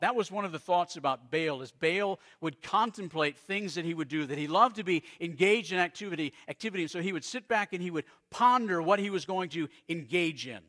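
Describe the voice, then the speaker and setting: Bright slightly high voiced pastor guy from arizona, storytelling sermon, drops quiet then booms. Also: lively intonation. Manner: storytelling preacher, dramatic pauses and swings in loudness.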